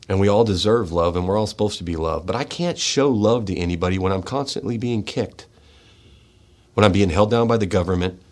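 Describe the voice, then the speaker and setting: An American man, a military veteran, delivering a fervent, confrontational monologue in a radio studio, swinging from loud outbursts to quiet, heavy asides. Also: lowish voice.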